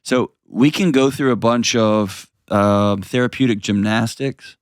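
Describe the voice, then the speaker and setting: Host, male, low voice, dry close sound; plain-spoken, earnest counseling of a caller. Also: unhurried, clean tone, no echo. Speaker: advice show host. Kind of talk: call-in advice talk.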